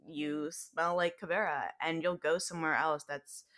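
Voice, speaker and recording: A woman's voice: low voice, steady tone, normal speed, a bit bright. A young American woman in her twenties co-hosting a podcast, talking in a chatty way with frequent ums and likes. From United States. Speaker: podcast co-host. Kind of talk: conversational podcast discussion.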